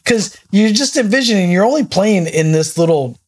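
A man's voice: high voice, expressive, moderate pace, a little mellow. A man chatting casually, rambling and restarting as he tells sports stories. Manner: rambling storyteller, many restarts. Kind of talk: casual chat.

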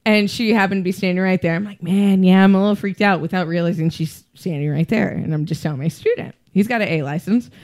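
Animated woman telling a story. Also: lowish voice, fast, hardly any pauses. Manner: animated storytelling, laughs often. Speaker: podcast guest, skydiving instructor. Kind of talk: casual chat.

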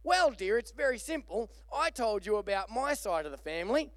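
A man's voice: high-pitched, lively intonation, moderate pace, dry recording, clean studio sound. A man putting on an English accent to voice a patient mother in a joke. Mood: explaining. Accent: put-on English. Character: English mother explaining creation, woman, patient.

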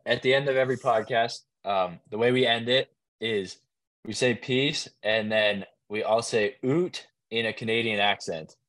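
A man's voice: on the low side, steady tone, normal speed, fairly bright tone, no echo. A man hosting a podcast, upbeat and talkative in casual chat. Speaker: podcast host.

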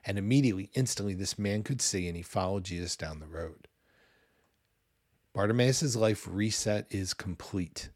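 A man in his forties preaching a sermon in a conversational, animated way, with loud bursts when he acts out what people say. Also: on the low side, moderate pace, no room sound, clean studio sound. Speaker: pastor.

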